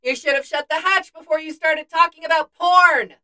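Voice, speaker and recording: A woman's voice: mid-range voice, very animated, slow, pushed and bright, slightly rough, distant mic, heavily acted. A woman voicing a dry, scolding young woman scientist calling out from another room.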